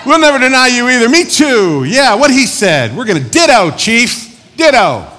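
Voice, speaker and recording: An eager, fawning disciple put on by a preacher who chirps in a squeaky, much higher voice. He is loud and quick to agree with everyone. A long hall echo trails after each line. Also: very animated, exaggerated voice.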